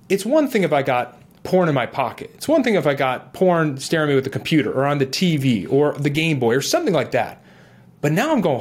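A man's voice: fairly high pitch, fairly quick, breathy edge. Earnest man telling his recovery story. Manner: animated, acts out his own inner voice. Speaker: guest sharing recovery story. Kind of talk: earnest personal testimony.

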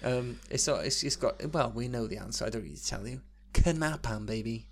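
A man chatting loosely with his co-host, guessing answers in a relaxed, matey way. He swears casually and calls his friend "mate". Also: mid-range voice, fairly quick, a little hiss or hum. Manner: laid-back, matey, sweary. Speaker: podcast co-host. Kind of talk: casual banter.

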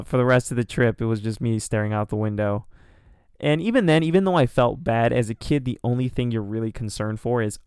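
A man's voice: mid-range voice, a little mellow, smooth, no room sound, studio quality. A young man casually telling a rambling, profane, self-deprecating story as a podcast co-host.

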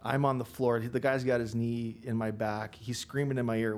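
A man's voice: mid-range voice, little pitch movement, moderate pace. Cursing, laughing man telling a story. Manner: swears freely, laughs mid-story. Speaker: podcast guest, contractor. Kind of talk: casual storytelling.

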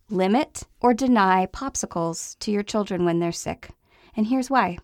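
Woman podcast cohost, croaky sick voice, chatty and emphatic, lots of ums, dry close mic. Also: medium pitch, a little fast, no echo. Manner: lively, chatty, with filler words and emphatic repetition. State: croaky from a flu. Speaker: podcast co-host. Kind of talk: casual podcast chat.

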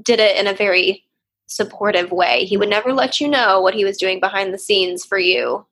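A woman's voice: mid-range voice, normal speed, a bit bright, slightly rough. A young woman, a therapist, speaking earnestly and reflectively in a candid interview. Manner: earnest, reflective, sometimes emotional. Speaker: therapist guest.

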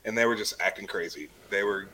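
A man's voice: fairly low pitch, quick pace, bright, forceful tone, a little hiss or hum, poor audio. A man, a podcast guest, telling rambling stories about bartending in a casual chat. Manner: rambling, laughing storyteller full of "like" and "you know".

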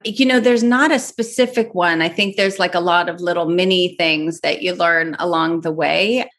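Lowish-voiced woman guest chatting away, acts out her own thoughts as she tells stories. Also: fairly even intonation, normal speed, fairly bright tone. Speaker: podcast guest. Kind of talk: casual interview chat.

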